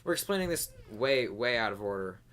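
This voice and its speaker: A man co-hosting a casual movie review chat, giggly and animated, on a close mic. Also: medium pitch, brisk. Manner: giggly, animated, interrupts often. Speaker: podcast co-host.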